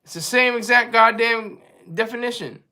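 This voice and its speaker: A man's voice: very high-pitched, normal speed, vocal fry, pushed and bright. A man hosting a live stream in a casual, rambling monologue, giving strong opinions and often stopping to search for words as he answers his chat.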